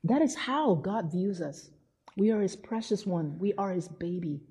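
In a hall with noticeable reverb, a woman preacher delivers a sermon in an unhurried, slightly rough mid-range voice. She tells stories with animation, acting out the people she quotes.

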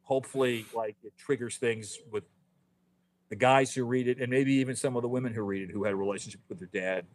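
A man in his fifties spins baseball stories as a guest on a podcast. His voice sits at an everyday middle pitch, and he talks in an animated way, restarting his phrases often. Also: a little hiss or hum. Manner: animated storyteller, quick restarts, frequent "you know". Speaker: author guest. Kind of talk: casual podcast interview.

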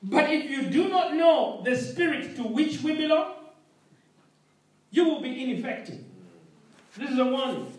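High-voiced preacher in an echoey room. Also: male voice, lively intonation, a little slow, pauses often, recorded from a distance. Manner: emphatic, repeats phrases, calls for response. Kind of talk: sermon.

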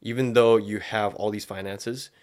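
A man's voice: on the low side, fairly even intonation, normal speed, a little mellow. A young man chatting casually as co-host, rambling, swearing freely and laughing often. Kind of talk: casual reaction chat.

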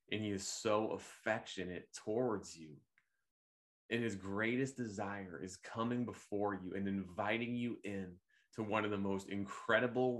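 Host, male, very deep voice, gentle devotional meditation delivery, unhurried. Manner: gentle, unhurried, with occasional fillers and restarts. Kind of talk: reflective devotional talk.

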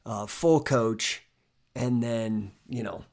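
A man hosts a casual podcast interview in a mid-pitched voice. He talks hesitantly, with many fillers, and grows upbeat when he introduces segments. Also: slow, vocal fry, darkish tone. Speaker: podcast host.

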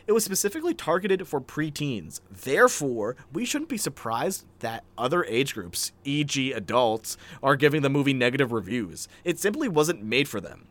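A man's voice: mid-range voice, big pitch swings, moderate pace, few pauses, fairly bright tone. A man co-hosting a casual chat, reading online reviews aloud with playful, dramatic flair. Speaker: podcast co-host.

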